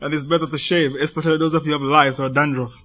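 A man preaching a sermon to a congregation in an animated way, firing rhetorical questions at his listeners. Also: fairly high pitch, racing, highs cut off.

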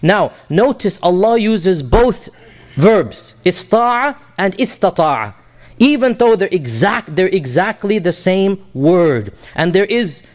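A man's voice: sits high, very animated, slow. A man teaching a lesson on scripture, explaining terms patiently step by step with small hesitations. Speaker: Quran teacher.

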